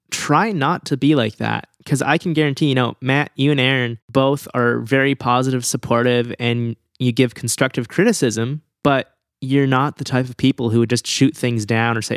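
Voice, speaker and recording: A man hosting a podcast, chatting in an animated way and telling amused stories. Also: mid-range voice, no echo, studio quality. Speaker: podcast host. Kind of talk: casual podcast chat.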